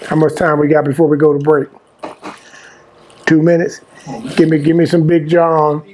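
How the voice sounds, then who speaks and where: Man, higher voice, loose profane banter, podcast host. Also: monotone, moderate pace, darkish tone. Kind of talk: casual chat.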